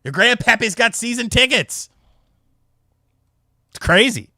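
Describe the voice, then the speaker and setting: A man's voice: extremely high pitch, expressive, measured pace, bright, forceful tone, no room sound, clean studio sound. A young man from North Carolina, chatting on a casual livestream and telling rambling, profane stories full of fillers. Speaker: streamer.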